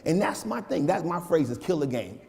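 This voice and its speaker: Animated male preacher in a reverberant sanctuary. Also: a little high, a little fast, creaky. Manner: casual, slangy, animated preaching with asides to the congregation. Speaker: minister. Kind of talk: conversational sermon. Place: church sanctuary. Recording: long hall reverb in a sanctuary.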